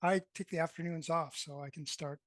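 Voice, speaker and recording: A man's voice: on the high side, fairly even intonation, brisk, no echo. A married man, a tabletop game player, chatting in an easygoing way about dates. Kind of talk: casual scheduling chat.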